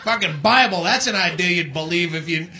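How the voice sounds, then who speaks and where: Male stand-up comic with a high, piercing voice, sarcastic and foul-mouthed, live club set. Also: a little fast, a little hiss or hum. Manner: profane, sarcastic ranting with shouted bursts. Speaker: stand-up comedian. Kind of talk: stand-up comedy rant. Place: comedy club stage with live audience.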